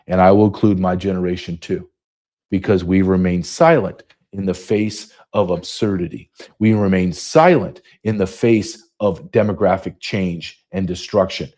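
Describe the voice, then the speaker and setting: A man's voice: low voice, moderate pace, mellow. A man in his fifties from the United States, hosting a podcast monologue with an emphatic, repetitive way of speaking. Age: 50s. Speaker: podcast host.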